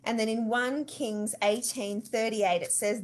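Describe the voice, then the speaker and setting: A woman with an Australian accent giving a church devotional, retelling a Bible story in a lively, conversational way and speaking straight to her listeners. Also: on the high side, unhurried, few pauses.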